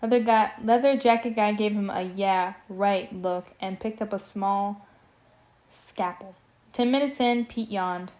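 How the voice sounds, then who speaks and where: A woman's voice: medium pitch, a little slow, darkish tone. Casual woman reading a storybook aloud. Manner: stumbles over words and adds joking asides. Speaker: audiobook reader. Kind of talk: casual amateur audiobook reading with commentary.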